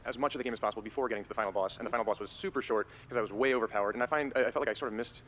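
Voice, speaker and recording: A man in the audience asking a question at a conference, hurried and hesitant, heard from a distance. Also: on the low side, a bit bright. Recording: distant muffled hall recording with faint hiss.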